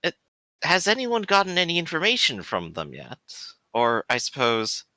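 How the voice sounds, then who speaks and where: A man's voice: on the high side, wildly swooping pitch, moderate pace, sharp tone, no echo, pitched above the performer's own voice, heavily acted, low-quality recording. A man voicing a nervous male priest in a tabletop game, asking careful, probing questions. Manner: cautious, questioning, a little nervous.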